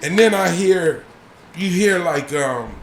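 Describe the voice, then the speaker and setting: A man's voice: high voice, animated, takes it slowly, echoey room, crowd noise. A man telling a wild comic story on a podcast, laughing often and acting out the people in it. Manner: loud, laughing, acts out voices in the story. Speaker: podcast host.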